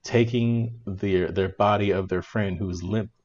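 A man's voice: fairly low pitch, fairly even intonation, measured pace, a little mellow, lo-fi sound. A man in casual chat, animatedly retelling a comedy film's plot, laughing often and restarting his sentences. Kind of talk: casual movie review chat.

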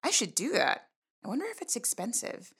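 A woman's voice: fairly high pitch, huge pitch swings, brisk, gravelly, fairly bright tone, husky, full character voice. An actress playing a flustered young woman who runs her own website, in an audio drama, reacting with exasperated exclamations.

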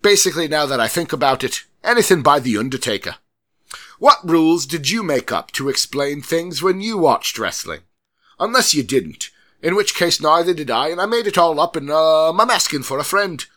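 Man doing a wobbly British accent for a letter-writing wrestling fan, hammy and lively. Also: on the high side, normal speed, voice pushed up. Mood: theatrical. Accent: put-on British, drifting toward Irish. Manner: loud, bouncy, theatrical read-aloud. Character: cheery British male wrestling fan reading his letter.

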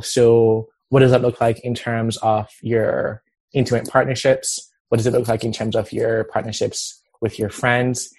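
A man's voice: mid-range voice, vocal fry, darkish tone. A man hosting a podcast, chatting loosely and teasing his co-hosts. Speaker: podcast host. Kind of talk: casual podcast chat.

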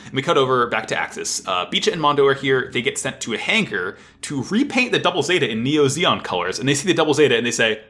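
Animated, swearing man recapping anime. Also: medium pitch, fast. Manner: animated, profane, laughs often. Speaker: podcast co-host. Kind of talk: casual anime recap chat.

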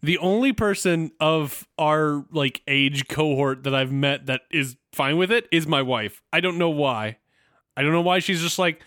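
A man co-hosting a podcast in casual chat, enthusiastic and quick to laugh. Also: a little high, a bit bright, no room sound, clean studio sound. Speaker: podcast co-host.

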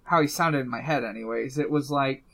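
A man's voice: medium pitch, fairly quick, a bit bright. A man co-hosting a podcast, chatting casually, hesitant, with many fillers and restarts. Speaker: podcast co-host.

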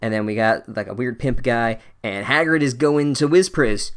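A man's voice: medium pitch, moderate pace. Sarcastic swearing man recapping a book. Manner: sarcastic, profane, rambling with many "like"s. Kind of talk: comedic chapter recap.

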